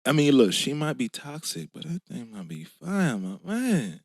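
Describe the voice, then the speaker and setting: A man's voice: fairly high pitch, very animated, normal speed, gravelly, no echo, studio quality. A young man co-hosting a podcast, joking around in playful slang and teasing his co-host. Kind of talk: casual joking chat.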